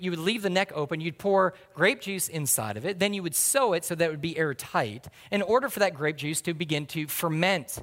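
A man with a fairly high voice delivers a sermon as a pastor. He tells folksy stories and keeps calling out to his congregation. His voice carries a long reverb from a large church hall. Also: fairly bright tone. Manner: folksy storytelling, calls to the congregation.

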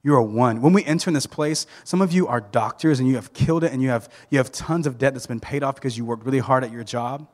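A man preaching a sermon as a pastor, animated and joking, with many restarts. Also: mid-range voice, fast, hardly any pauses, in a large hall. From Southern United States. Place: church sanctuary.

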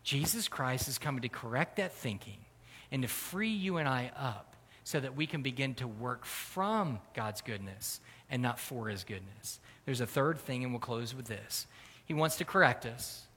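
A man preaching a sermon as pastor, earnest, swelling louder and higher for emphasis. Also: expressive, moderate pace, slightly rough. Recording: long hall reverb.

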